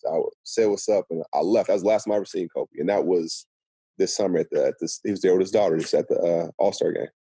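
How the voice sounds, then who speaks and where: A middle-aged man from Seattle, telling stories as a podcast guest in a lively way and acting out what others said. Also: low voice, quick pace, breathy edge, dry recording. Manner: animated storyteller acting out quotes. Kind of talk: casual podcast storytelling.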